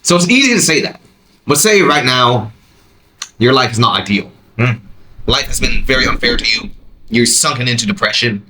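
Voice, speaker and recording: A man talks through his own podcast in an animated, emphatic way, his pitch swinging widely and jumping to high exclamations. His voice is bright and forward. A faint hiss sits under the quiet room. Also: moderate pace, low-quality recording. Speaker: podcast host reacting to a clip. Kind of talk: reaction commentary, casual monologue.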